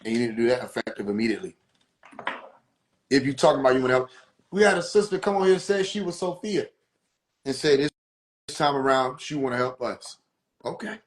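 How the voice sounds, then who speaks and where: A man's voice: mid-range voice, expressive, brisk, pauses often. A man hosting a live stream, giving casual spiritual teaching in a preachy way, repeating his points and putting questions to his viewers. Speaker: livestream host.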